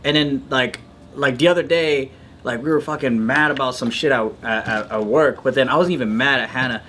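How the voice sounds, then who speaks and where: A man's voice: mid-range voice, fairly quick, bright, forceful tone, a little hiss or hum. A man co-hosting a comedy podcast, telling a rambling, self-mocking story in casual chat and swearing often. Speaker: podcast co-host.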